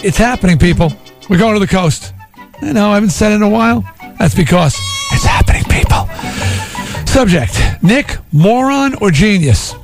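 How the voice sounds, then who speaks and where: A male radio host reads listener emails on air and riffs on them with big theatrical energy. His voice sits a little higher than most men's. Faint music plays under the broadcast. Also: normal speed, vocal fry. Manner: animated, loud and theatrical at times. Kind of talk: morning radio banter, reading listener emails.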